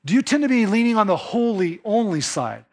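A man preaching a sermon, lively and emphatic, acting out quoted voices and dropping to a hush for emphasis. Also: sits high, brisk. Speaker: pastor.

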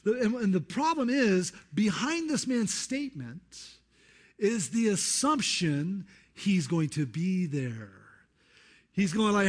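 A man preaching a sermon, conversational and animated, acting out the quotes of the people in his Bible passage. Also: sits high, measured pace. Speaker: pastor.

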